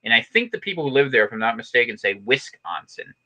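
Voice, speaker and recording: A man from the Midwest with a bright, lively voice, hosting a loose chat show. He jokes constantly and slips into impressions mid-sentence. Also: medium pitch, low-quality recording. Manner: jokey, does quick accent impressions. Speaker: show host. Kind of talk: casual chat.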